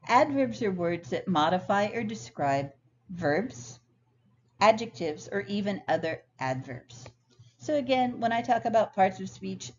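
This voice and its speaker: Woman instructor, patient explainer, slide-lecture recording; a bit low, muffled mic. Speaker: ESL instructor. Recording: dull lo-fi sound, faint noise.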